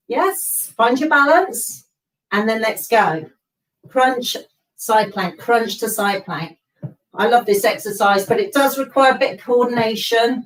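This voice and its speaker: A woman instructor with a fairly high voice coaches a workout class, urging people on and counting down. She stands back from the mic in an echoey room, so her voice sounds roomy and distant. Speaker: fitness instructor. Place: home or hall workout space.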